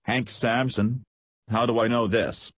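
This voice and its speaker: A man's voice: mid-range voice, fairly even intonation, measured pace, dry recording, clean studio sound, close to an everyday voice. A man doing a bewildered young soldier. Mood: confused. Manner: bewildered questions. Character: confused young male soldier, the hero.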